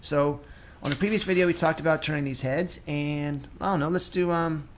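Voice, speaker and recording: Pitched on the high side and speaking at a moderate clip, a man walks children through drawing cartoon faces, with a faint hiss or hum in the audio. It's an easygoing lesson, and he makes up his commentary as the drawing takes shape.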